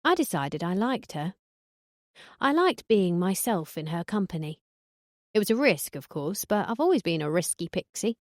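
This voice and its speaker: A woman's voice: on the low side, very animated, normal speed, dry recording, clean studio sound. Wry woman narrating an audiobook. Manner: wry, sardonic storytelling. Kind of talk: first-person scripted narration.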